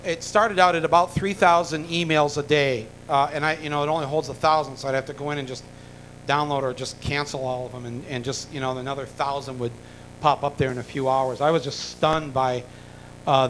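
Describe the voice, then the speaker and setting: A man's voice: medium pitch, steady tone, brisk, a bit bright, a little hiss or hum, poor audio. Rambling, wry man telling a story. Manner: rambling, full of fillers and restarts, wry jokes. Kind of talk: rambling anecdote told to an audience.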